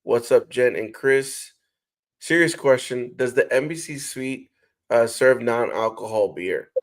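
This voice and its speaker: A man's voice: medium pitch, measured pace. A man hosting a casual livestream, greeting viewers and reading their comments aloud. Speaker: livestream host reading chat.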